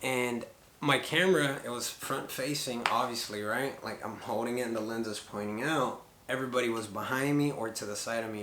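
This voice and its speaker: A man's voice: medium pitch, a bit bright, echoey room, a little hiss or hum. A middle-aged man telling a rambling story to the camera, full of fillers as he retells conversations. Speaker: paranormal vlogger.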